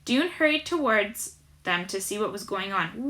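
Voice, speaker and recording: A woman narrating a children's novel aloud as an audiobook, in a lively, expressive storytelling manner. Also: medium pitch, moderate pace. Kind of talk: audiobook reading.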